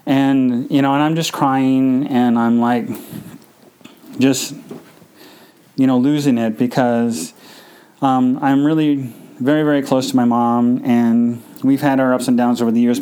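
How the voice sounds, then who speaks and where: A man tells a personal story on his podcast, his voice dark and mellow with a smooth, clean tone. He speaks haltingly, stopping and restarting and leaning on fillers, and his delivery is subdued and emotional. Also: medium pitch, little pitch movement, low-quality recording. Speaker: podcast host.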